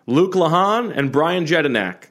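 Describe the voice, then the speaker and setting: A man's voice: fairly high pitch, animated, a little slow, a bit bright. A man co-hosting a casual sports podcast over a remote call, trading joking banter. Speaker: podcast co-host.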